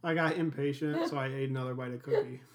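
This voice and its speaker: A man's voice: medium pitch, fairly even intonation, quick pace. Co-host, man, laid-back home chat, dry little jokes. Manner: easygoing, wry joking. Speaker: podcast co-host. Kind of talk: casual chat.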